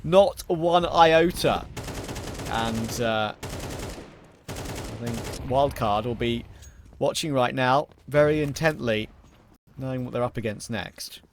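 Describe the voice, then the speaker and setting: A man's voice: mid-range voice, slow pace, pauses often, slight background noise. A man doing color commentary on an esports match, analyzing plays in a loose conversational way. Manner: conversational analysis with fillers like "you know".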